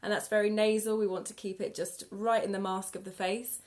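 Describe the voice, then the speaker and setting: A woman singing teacher guiding a live vocal warm-up lesson with gentle, encouraging instructions. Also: medium pitch, little pitch movement, brisk. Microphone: live video stream.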